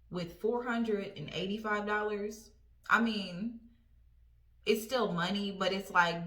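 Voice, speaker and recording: A woman in her twenties telling a personal story in a casual vlog, animated and profane. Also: mid-range voice, normal speed. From Indiana. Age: 20s. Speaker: storytime vlogger. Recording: roomy echo.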